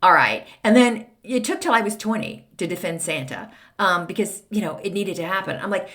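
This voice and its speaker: A middle-aged woman with an American accent talks alone into the mic in a casual, snarky monologue. Her pitch leaps and dips as she acts out little scenes, and her voice sits in a middle register for a woman. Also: animated, brisk, few pauses, fairly bright tone. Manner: snarky, exaggerated storytelling with dramatic voices. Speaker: podcast host. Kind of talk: casual solo podcast monologue.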